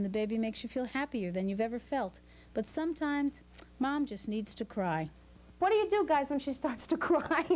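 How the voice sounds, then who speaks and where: A woman leading a postpartum class for new parents, talking in an animated way, acting out quoted voices and laughing often. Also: high voice. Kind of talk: lively educational talk to new parents. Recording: hissy 1980s VHS recording.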